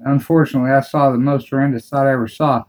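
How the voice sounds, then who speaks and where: A man's voice: medium pitch, fairly even intonation, very fast, darkish tone. A man on a crude comedy podcast telling blunt stories in a casual way.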